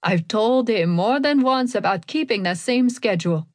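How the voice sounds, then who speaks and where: A woman reading the part of an old woman with a German accent who speaks in a calm, even, measured way. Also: fairly high pitch, no room sound, natural voice.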